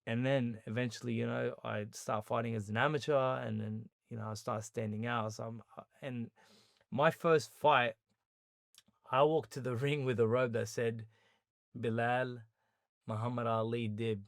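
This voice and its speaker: Animated Australian man telling stories. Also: medium pitch, unhurried, creaky, dry recording, clean studio sound. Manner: animated storyteller who acts out quoted dialogue. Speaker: podcast guest. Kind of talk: storytelling interview.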